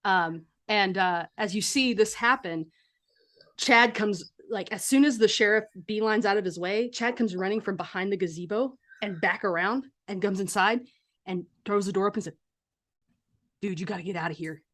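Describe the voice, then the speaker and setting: A woman's voice: medium pitch, moderate pace, a bit bright. A woman narrating a horror tabletop game as game master, setting scenes like a film in a casual way.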